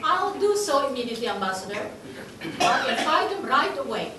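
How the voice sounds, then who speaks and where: A woman's voice: sits high, sing-song, fairly quick. A woman playing a harried, resourceful embassy secretary in an amateur stage play, laughing often and pleading on the phone. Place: large indoor party hall. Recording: echoey hall from far off, loud crowd noise.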